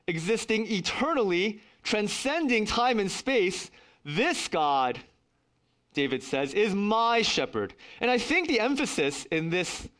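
Male pastor, middle-aged, high and animated voice, earnest sermon delivery with dry humor. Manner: earnest, emphatic preaching with wry asides.

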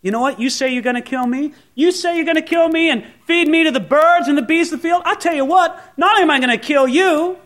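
A preacher voicing the young David as a bold teenage boy, shouting his defiance. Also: fast talker, hardly any pauses. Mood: defiant. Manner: shouting, voice cracking high.

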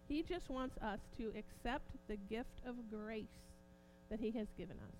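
A woman preaching an informal sermon, growing impassioned and forceful at points. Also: on the high side, moderate pace, a little hiss or hum. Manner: impassioned, rising to near-shouting emphasis.

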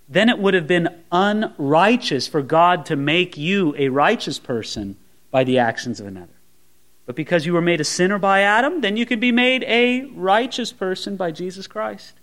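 A man's voice: high voice, lively intonation, normal speed, a bit bright. A man preaching an expository sermon, reading scripture aloud and stressing points with rising and falling emphasis. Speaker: pastor.

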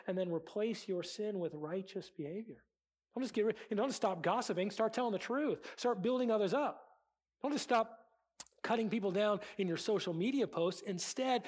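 A man's voice: high voice, darkish tone, husky. A man preaching a sermon as pastor, earnest, acting out quoted prayers and excuses.

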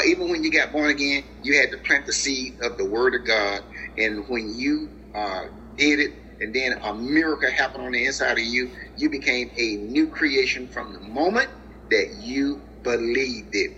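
Preacher guy reading scripture slow then breaking it down, bright voice that swings all over, kinda muffled recording. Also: medium pitch, a little hiss or hum. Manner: addresses listeners directly as family and guys. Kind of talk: sermon, reading and explaining scripture.

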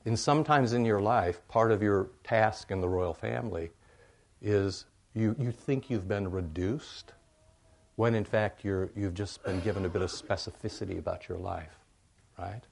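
An older male pastor preaching in a loose, conversational way, often pausing to ask his listeners "right?" His voice sits low and has a gravelly, creaky texture. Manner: folksy and rambling, checks in with the congregation with frequent "right?". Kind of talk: conversational sermon.

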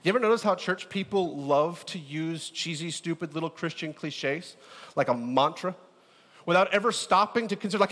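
High-voiced preacher in a ringing hall. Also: male voice, moderate pace. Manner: lively, joking, rhetorical questions. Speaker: pastor. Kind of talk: sermon. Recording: echoey hall.

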